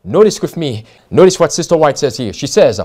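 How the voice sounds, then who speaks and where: High-pitched American male preacher, halting read-aloud sermon delivery with stressed keywords. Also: sing-song, a little mellow. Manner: reads passages aloud with frequent fillers and restarts, stressing key words. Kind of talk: sermon-style Bible study.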